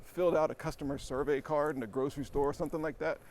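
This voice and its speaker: A man with a slightly high voice talks while riding a bike on a city street. He is out of breath and tells a rambling story, poking fun at himself and chuckling. Faint traffic hums behind him. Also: fairly even intonation, rapid-fire, a little mellow. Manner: rambling, self-deprecating, chuckling. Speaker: vlogger. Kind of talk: casual storytelling while cycling.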